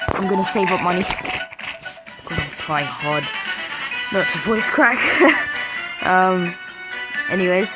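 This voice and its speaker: A woman records casual gameplay commentary, talking freely and getting excited as the action builds. She cheers her units along in a loose, chatty way. Game music plays clearly behind her voice. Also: fairly low pitch, slow, long pauses, poor audio. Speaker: gaming video creator.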